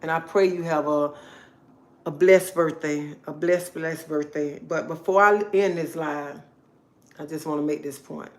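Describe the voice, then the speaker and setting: A woman's voice: deep voice, steady tone, a little slow. A woman talking casually to her viewers on a live stream, chatty and emphatic, repeating herself often. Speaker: livestream host.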